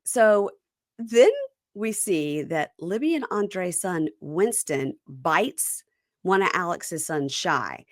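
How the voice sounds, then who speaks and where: A middle-aged woman hosting a casual chat that recaps a reality show, talking fast and acting out the cast's lines in quick voices. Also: fairly low pitch, lively intonation, no echo, clean studio sound. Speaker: podcast host.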